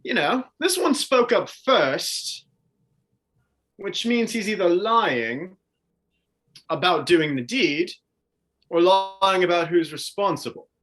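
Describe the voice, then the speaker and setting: A man voicing a menacing male adventurer who interrogates prisoners in a drawn-out, taunting, theatrical way. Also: high-pitched, animated, a bit bright, pitched above the performer's own voice, exaggerated voice.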